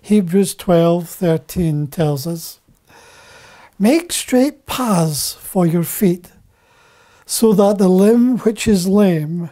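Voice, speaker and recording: A man preaching a Bible teaching sermon, deliberate and repeating key phrases for emphasis. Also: sits high, dark tone.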